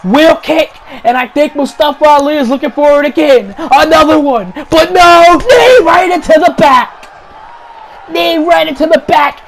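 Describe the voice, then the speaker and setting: A man calling play-by-play wrestling commentary over gameplay, excitable, shouting the big moves and repeating each call. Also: extremely high pitch, slight background noise, low-quality recording. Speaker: YouTube gaming channel host.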